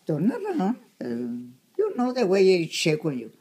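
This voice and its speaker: A cheerful family doctor man checks over a small child, chirping short words again and again in a voice lifted high above her own, as an old woman acts him out. His lines come slow and measured. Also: wildly swooping pitch, mellow. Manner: chirpy, repeats words in bursts.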